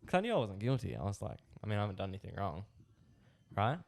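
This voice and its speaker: Fast-talking Australian man telling a story. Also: on the low side, creaky, a crowd in the background. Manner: animated, rambling anecdote with many asides. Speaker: podcast co-host. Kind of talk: casual storytelling.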